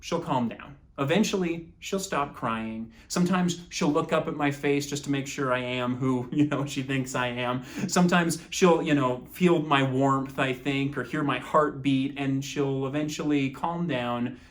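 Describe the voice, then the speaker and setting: A young adult man preaching a sermon as pastor, earnest, moving from soft, reflective passages to impassioned appeals. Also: mid-range voice, a little slow, few pauses.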